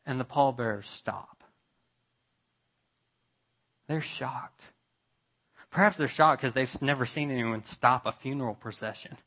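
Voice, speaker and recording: Male pastor preaching slow, drawn out, mid pitch, gets loud and intense then drops way down soft. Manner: slow, with long pauses, rising to emphatic peaks. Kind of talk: sermon.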